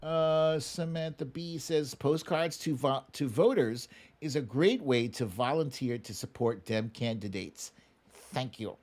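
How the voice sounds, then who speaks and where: A man hosting a live stream in casual chat, reading viewer comments aloud and answering them with quick asides and hums. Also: medium pitch. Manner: animated, frequent chuckles and filler hums. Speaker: livestream host.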